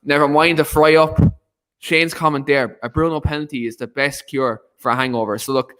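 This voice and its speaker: A man's voice: a little high, steady tone, fairly quick, a bit bright, clear, resonant tone. Chatty man hosting a football show. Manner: reads viewer comments, laughs, fillers. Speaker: host. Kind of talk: casual chat.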